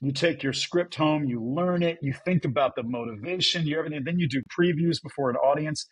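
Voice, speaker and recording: A husky, slightly breathy man chats as a podcast guest. He tells stories with animated energy, popping into little voices when he quotes people. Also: on the high side, a little fast, dry recording, poor audio. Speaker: voice actor guest. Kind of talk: casual podcast storytelling.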